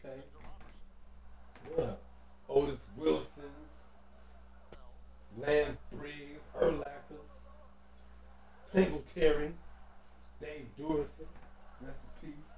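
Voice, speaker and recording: A man giving loose, slangy, excitable commentary over a basketball video game, peppering his talk with casual fillers. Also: on the high side, slow pace, long pauses, reverberant. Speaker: gaming commentator.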